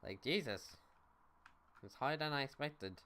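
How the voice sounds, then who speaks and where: A young man talks through a video game on a livestream in a relaxed, unscripted way, answering his chat as he goes. His voice is smooth and clear and sits in an ordinary middle pitch for a man. Keyboard typing clicks away in the background. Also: unhurried. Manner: loose and offhand, reads chat aloud, swears casually. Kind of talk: casual gaming stream chatter.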